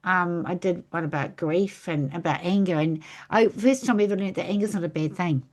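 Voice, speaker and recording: A woman's voice: fairly low pitch, a little fast. A woman hosting a spiritual podcast, talking casually with some hesitant fillers. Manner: warm agreeing backchannels, hesitant fillers. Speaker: podcast host, celebrant.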